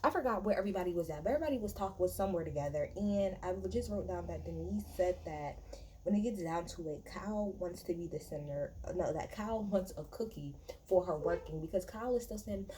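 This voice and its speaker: A woman's voice: lowish voice, fast, warm tone, slight background noise, low-quality recording. A woman giving a casual, blunt and profane recap of a reality TV episode, talking in a chatty way with many fillers and restarts. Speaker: reality TV reviewer.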